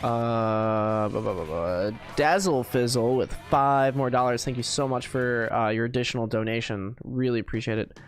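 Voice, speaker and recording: Man, streamer, casual game commentary, rambling chatty talk, mid pitch, faint game music behind. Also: fairly even intonation, moderate pace, few pauses. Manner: chatty, rambling, many fillers like "like".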